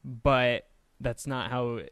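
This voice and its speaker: A man's voice: medium pitch, little pitch movement, extremely slow, a bit bright, smooth, dry recording. A man co-hosting a podcast, telling improv scenes in a teasing, playful way. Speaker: podcast co-host. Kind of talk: improv game storytelling.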